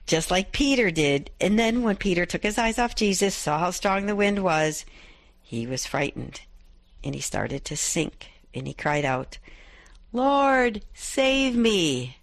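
A middle-aged woman hosts a Catholic radio show, reflecting devotionally on a gospel passage and reading its verses aloud again. Her voice is on the low side with lively intonation, a little slow, with vocal fry, in a dry recording.

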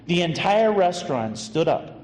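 With big swings in pitch, this male associate pastor delivers a storytelling sermon in a chatty, filler-laden way. The voice is high and darkish, the pace measured, and the recording carries the long reverb and faint noise of an echoey hall.

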